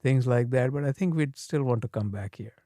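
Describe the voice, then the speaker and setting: An older Indian man, a father, talks reflectively in a casual interview, with a medium-pitched voice and dark tone. Plainspoken, he pauses with fillers, and the studio-quality recording has no echo.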